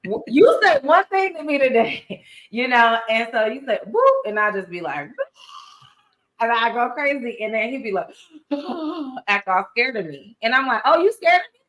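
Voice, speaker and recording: A woman in her thirties co-hosting a casual chat about a reality show, telling stories animatedly and acting out quotes with big pitch jumps. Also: animated, moderate pace, fairly bright tone. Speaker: co-host. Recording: echoey room.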